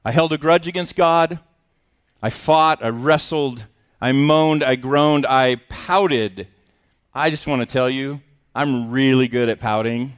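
A man's voice: medium pitch, takes it slowly, smooth. A middle-aged male pastor preaching a sermon, earnest and emotional, with self-mocking humor.

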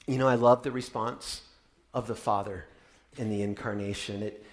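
A man and parent preaching a sermon, swinging from loud proclaiming to hushed wonder, with wry, playful storytelling. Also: on the low side, fairly even intonation, moderate pace. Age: adult parent. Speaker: pastor.

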